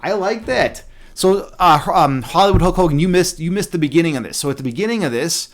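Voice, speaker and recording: Man, streamer, fairy-tale reading with commentary, profane, excitable, rambling, slightly high voice. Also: fairly quick.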